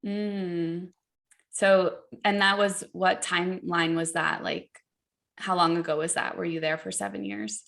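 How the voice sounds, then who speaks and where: A woman's voice: fairly low pitch, little pitch movement, measured pace, creaky, a bit bright. A woman hosting a podcast, chatting casually and affirming her guest, often asking "right?". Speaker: podcast host. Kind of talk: casual interview chat.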